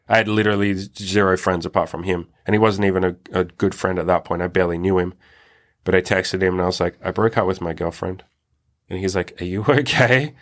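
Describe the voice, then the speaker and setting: Young male podcast host, very low voice, candid and reflective, casual swearing. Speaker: podcast host telling his own story. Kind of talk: candid personal storytelling.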